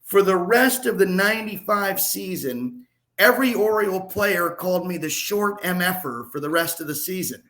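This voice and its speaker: Man in his forties, guest storyteller, animated, self-deprecating, slightly high voice. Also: normal speed. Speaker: podcast guest, sports reporter. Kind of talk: casual storytelling.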